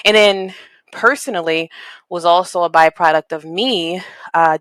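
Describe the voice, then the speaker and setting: A woman guest on a podcast, speaking in a thoughtful, earnest and searching way, often pausing with "like" and "um" as she finds her words. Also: on the low side, dry recording. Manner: thoughtful, searching, heavy use of "like" and "um"; warm, earnest, spiritual. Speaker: podcast guest, equity coach and consultant. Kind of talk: reflective conversational interview.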